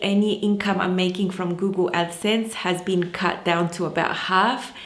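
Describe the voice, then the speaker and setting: Woman rambling happily about fabric she bought, lots of ums and likes, echoey room sound. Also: medium pitch. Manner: chatty, enthusiastic, many fillers. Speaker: sewing channel host. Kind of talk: casual fabric haul chat.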